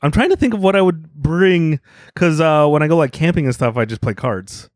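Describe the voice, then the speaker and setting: A man's voice: on the high side, lively intonation, fairly quick, dry recording, clean studio sound. A man co-hosting a comedy podcast, telling rambling stories and acting out quotes, grumbling that he hates everything. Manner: rambling storyteller who acts out quotes; grumpy self-declared hater. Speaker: podcast co-host. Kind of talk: casual comedic chat.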